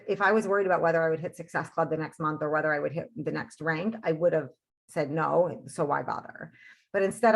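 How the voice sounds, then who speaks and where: A woman in her thirties, a fitness coach, telling her personal story on a team video call in a chatty way, full of "like" and "right?". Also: low-pitched. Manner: chatty, heavy use of "like" and "right?".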